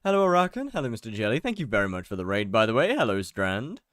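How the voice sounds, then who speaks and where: A man's voice: on the low side, sing-song, fast talker, a bit bright, dry recording. Young man, game streamer, chatty and rambling, voice swings up and down, dry close sound. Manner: greets chat viewers one by one, rambling and chatty. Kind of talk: casual live-stream chat while gaming.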